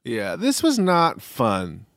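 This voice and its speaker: A man's voice: mid-range voice, takes it slowly, no echo, studio quality. A man co-hosting a podcast, chatting casually and joking as he recaps a reality show. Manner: joking, animated, trails off mid-sentence. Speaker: podcast co-host.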